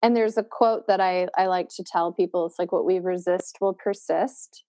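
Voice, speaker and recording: A woman's voice: on the low side, fairly even intonation, moderate pace, dark tone, no echo. A woman hosting, thoughtfully summarizing her guest's points and asking probing questions. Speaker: podcast host. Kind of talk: reflective interview talk.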